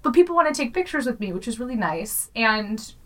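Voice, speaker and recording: Bubbly animated woman, laughs often. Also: a little high, a little fast. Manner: bubbly, laughs a lot, swears casually. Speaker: podcast co-host. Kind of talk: casual chat.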